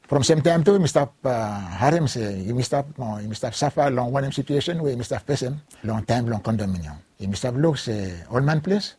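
An older man from Vanuatu speaks with a Bislama pidgin accent, his voice mellow and husky. He recalls his legal career in halting, repetitive phrases, dropping in French words now and then. The sound is close and dry. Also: medium pitch, dry recording. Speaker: lawyer recounting his career. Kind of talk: oral history recollection.

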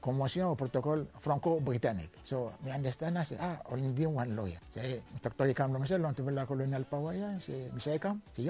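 An older man from Vanuatu with a Bislama-speaking ni-Vanuatu accent, slowly recalling his life in an oral history interview and mixing in English and French words. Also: medium pitch, warm tone. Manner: slow, searching, mixes Bislama with English and French.

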